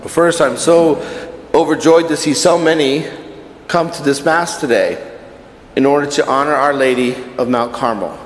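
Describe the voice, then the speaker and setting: A man's voice: on the high side, moderate pace, a little hiss or hum. A man giving a conversational sermon at Mass as a Catholic priest, telling personal stories. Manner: conversational preaching with personal anecdotes. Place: church. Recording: echoey church from a distance.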